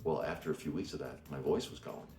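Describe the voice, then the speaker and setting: A male voice actor telling a story in an interview in a relaxed way. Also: extremely low pitch, quick pace, roomy sound, faint music behind.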